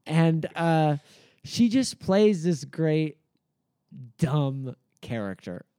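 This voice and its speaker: Mellow-voiced man chatting on a podcast. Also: fairly high pitch, sing-song, very slow, clear, resonant tone, no echo, clean studio sound. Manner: rambling, frequent uh fillers, amused. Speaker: podcast co-host. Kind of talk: casual chat recapping comedy sketches.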